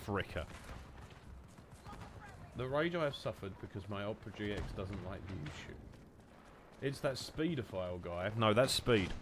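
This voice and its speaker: While playing, a young British streamer with a stuffy nose chats with his audience in a rambling, sweary way over a headset. His fairly low voice has lively intonation and a moderate pace, broken by long pauses, over background noise.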